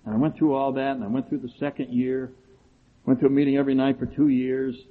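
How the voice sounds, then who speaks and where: A middle-aged man telling his own story to a recovery group, animated and quick to act out other people's replies. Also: mid-range voice. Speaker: speaker sharing his story at a recovery meeting. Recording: tinny phone-like recording with faint background hiss.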